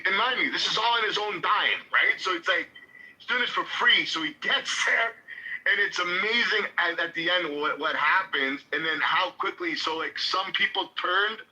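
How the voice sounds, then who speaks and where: A man's voice: high-pitched, sharp tone, poor audio. A man telling a long, profane story in casual chat, full of fillers and quoted voices.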